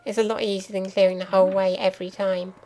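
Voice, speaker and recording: A woman's voice: medium pitch, little pitch movement, fast talker, warm tone, low-quality recording. A young woman giving chatty, explanatory let's play commentary with lots of ums and asides. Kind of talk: casual gameplay commentary. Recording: game music playing clearly behind. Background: game music.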